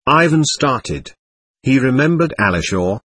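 A man narrating a classic novel as an audiobook in an expressive, dramatic storytelling manner. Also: mid-range voice, unhurried, breathy edge, no echo. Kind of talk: scripted narration.

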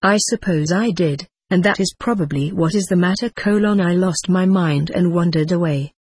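A woman reads aloud in a lowish, slightly husky voice, recorded close and dry. Her delivery is plain and steady, and she even speaks the punctuation and section numbers. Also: moderate pace, no echo. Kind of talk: audiobook reading.

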